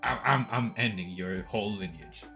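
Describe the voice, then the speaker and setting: A man's voice: lowish voice, normal speed, bright, forceful tone, faint music behind. A man, co-hosting a podcast in casual chat, joking around with mock threats and frequent laughter. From Canada. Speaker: podcast co-host.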